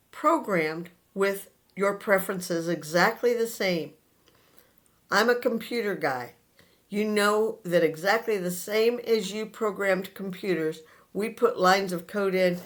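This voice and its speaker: A man teaches an audience in an unhurried spiritual talk. He speaks slowly in short phrases with pauses between them. He turns straight to his listeners and says his key points again and again with earnest insistence. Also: high-pitched, a bit bright. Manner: earnest, addresses listeners directly and repeats points.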